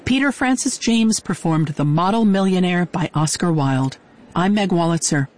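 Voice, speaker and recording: A woman host delivering measured, scripted radio narration. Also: fairly low pitch, animated, a little mellow, a little hiss or hum.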